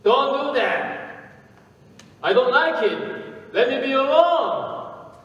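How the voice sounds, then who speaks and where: A man voicing a frightened talking teacup that pleads with its maker in high cries, heard from far off in an echoey hall. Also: expressive, slow pace, a bit bright, lo-fi sound, exaggerated voice. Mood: pleading.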